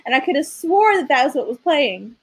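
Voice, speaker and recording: A woman's voice: high-pitched, very animated, a little fast. A woman co-hosting a podcast in casual chat, insistent and often talking over her co-host.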